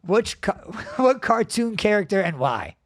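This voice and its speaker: A young man, co-hosting a casual family podcast, telling animated stories and swearing freely. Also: sits high, measured pace, dry recording, studio quality. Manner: animated storyteller, swears freely, acts out quotes. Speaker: podcast co-host.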